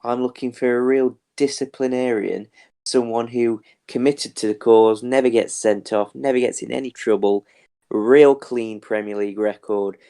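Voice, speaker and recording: A man's voice: medium pitch, fairly even intonation, moderate pace, mellow, smooth, lightly acted. A man playing a stern, matter-of-fact middle-aged male football manager in a comedy podcast skit.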